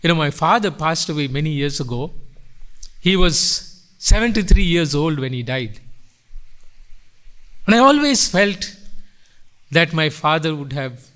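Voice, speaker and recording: A middle-aged man preaching a sermon in church, with sweeping swells and drops in pitch and loudness. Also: lively intonation, unhurried, pauses often. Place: church sanctuary.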